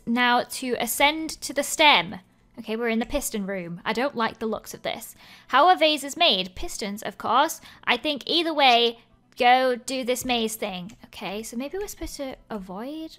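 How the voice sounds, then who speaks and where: A woman's voice: a little high, expressive, moderate pace, fairly bright tone. A young woman hosting a game video, chatting casually as she plays, thinking aloud, gasping and cheering. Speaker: gaming video host. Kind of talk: casual gameplay commentary.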